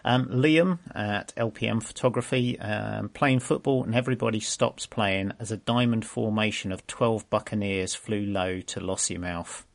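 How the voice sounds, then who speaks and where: Gravelly-voiced podcast host. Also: male voice, lowish voice, normal speed, few pauses. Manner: chatty, with many fillers. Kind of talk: casual chat, reading listener messages.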